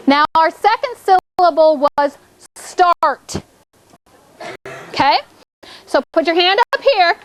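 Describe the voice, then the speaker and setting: A woman's voice: very high-pitched, low-quality recording. A woman teaching a classroom, coaxing pupils through call-and-response prompts. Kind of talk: classroom instruction.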